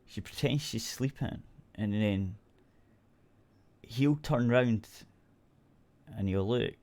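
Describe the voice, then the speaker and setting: A man's voice: on the low side, takes it slowly, a little mellow. A Scottish man hosting a radio show, rambling through a story in casual chat and swearing freely.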